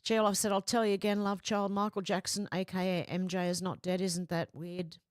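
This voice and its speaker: A woman's voice: fairly low pitch, brisk, no room sound, clean studio sound. A woman hosting a live stream, reading viewers' comments aloud and chatting back to them casually. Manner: chatty, reads comments in a flat running voice with asides.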